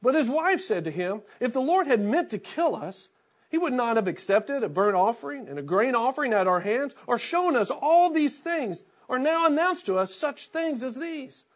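Pastor guy, kinda high voice, reads the bible passage then just talks to the church easy like. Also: big pitch swings, normal speed. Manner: reads scripture aloud, then preaches in a conversational, anecdotal way. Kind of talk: sermon with scripture reading.

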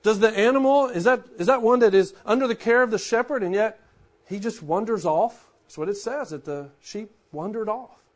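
A man in his forties preaches a sermon with a fairly high-pitched voice. He keeps it conversational and drops to a hush to drive a point home. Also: moderate pace. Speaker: pastor.

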